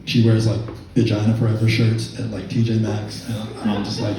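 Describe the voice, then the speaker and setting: A man's voice: lowish voice, monotone, normal speed, a crowd in the background. A man telling a stand-up comedy story, rambling with fillers and laughing through his lines. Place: comedy club stage with audience laughter. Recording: echoey room, mic far off.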